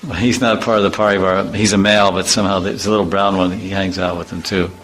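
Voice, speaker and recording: Bright-voiced man telling humorous stories. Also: deep voice, little pitch movement, fast talker, slight background noise, poor audio. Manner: humorous storytelling with vivid imitations. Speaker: spiritual teacher. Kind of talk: informal devotional talk.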